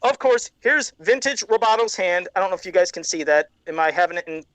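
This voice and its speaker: A man's voice: high-pitched, expressive, a little fast, a bit bright, no echo. Male podcast co-host, heated profane rant, dry close sound. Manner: angry, profane ranting. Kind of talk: ranting casual chat. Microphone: video call.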